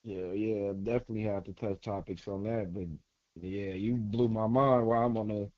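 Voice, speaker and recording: A man's voice: fairly low pitch, fairly even intonation, moderate pace, no echo. A male caller chatting casually and laid-back in slang, laughing often. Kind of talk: casual call-in chat. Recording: dull lo-fi call audio.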